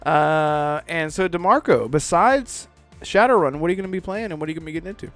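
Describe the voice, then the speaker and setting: A man hosting a gaming podcast, talking casually. His voice sits a bit high. He rambles, with many pauses and fillers. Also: soft background music. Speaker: podcast host. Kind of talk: casual chat.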